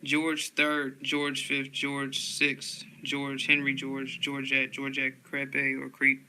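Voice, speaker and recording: Slow, monotone man reading word lists. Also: mid-range voice, a little hiss or hum, low-quality recording. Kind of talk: reading dictionary entries aloud.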